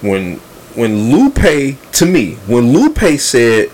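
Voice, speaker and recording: A man's voice: medium pitch, huge pitch swings, drawn-out words, a little mellow, low-quality recording. A man talking casually about a rap feud, rambling with many restarts and fillers. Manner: acts out quoted lines with a raised voice. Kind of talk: casual hip-hop discussion.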